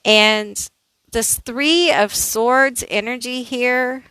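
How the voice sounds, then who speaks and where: A woman's voice: on the high side, extremely slow, bright, forceful tone, clean tone, dry recording, poor audio. A woman doing a casual tarot card reading, thinking aloud in a chatty way with many fillers. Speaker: tarot reader.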